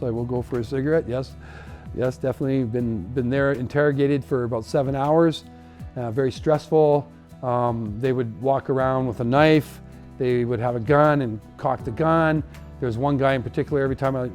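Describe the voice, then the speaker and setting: Halting, mellow-voiced man from Canada. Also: mid-range voice. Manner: halting, reflective, with many fillers and restarts. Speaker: humanitarian volunteer. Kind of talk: personal storytelling.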